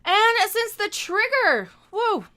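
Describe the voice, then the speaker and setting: A woman's voice: very high-pitched, sing-song, slow pace, pushed and bright. A woman streamer ranting sarcastically through a live reaction stream, talking back at the video and sometimes tripping over her words.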